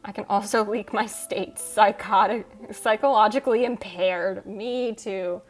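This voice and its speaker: A woman's voice: mid-range voice, steady tone. A woman hosting a casual livestream, reading chat aloud and teasing viewers with frequent laughs. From United States. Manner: teasing, quick, laughs often. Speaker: livestream host. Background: soft background music.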